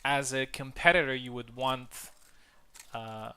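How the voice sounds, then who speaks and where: Casual game commentator with a Latin-language background. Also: male voice, medium pitch, steady tone, unhurried, bright, forceful tone, smooth. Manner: casual, many fillers and restarts. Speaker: tournament commentator.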